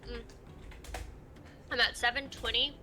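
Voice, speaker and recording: A woman's voice: on the high side, fairly even intonation, a little slow, bright, forceful tone. A woman in casual, playful chat while playing a game together. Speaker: game co-player.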